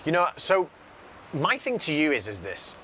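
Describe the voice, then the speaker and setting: Animated male business speaker outdoors. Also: fairly high pitch, normal speed, a little hiss or hum. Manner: animated storytelling, repeats phrases for emphasis. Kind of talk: casual motivational talk. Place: outdoors on a balcony by a road.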